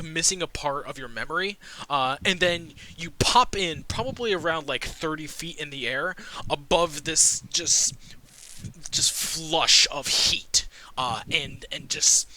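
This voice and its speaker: A young man narrates a tabletop game as game master. His voice is very bright and cutting, with a fairly high pitch that swings widely. He halts often and searches for his words. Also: slight background noise, rough recording. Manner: halting, searching for words with many fillers.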